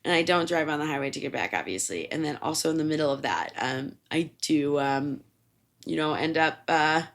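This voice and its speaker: A woman's voice: low-pitched, fairly quick. A young woman hosting a podcast, telling rambling, profane, self-mocking stories in a casual monologue full of fillers. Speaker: podcast host.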